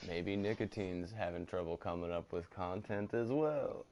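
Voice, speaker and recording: A man's voice: low-pitched, moderate pace, crowd noise. A man chatting casually while gaming, rambling through self-deprecating asides. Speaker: gamer co-host.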